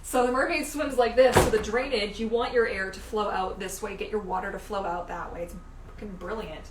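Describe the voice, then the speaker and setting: A woman in her thirties chatting casually as a mermaid vlogger, animated and gushing, swearing casually now and then. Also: mid-range voice, brisk, echoey room, heavy background noise. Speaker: mermaid vlogger reviewing gear. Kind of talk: casual livestream chat.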